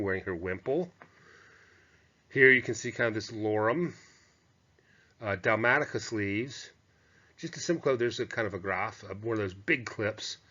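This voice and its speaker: With a fairly low pitch and a bright, pushed delivery, a man works through slides in a rambling, conversational talk on historical costume, full of fillers and side remarks. The lecture recording is dull and muffled lo-fi.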